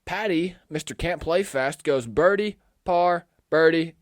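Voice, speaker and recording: A young man talks golf in a loose, chatty way on a sports podcast, laughing easily with his co-host. His voice sits a little high, and it is recorded close and dry. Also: unhurried, no echo. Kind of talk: casual sports chat.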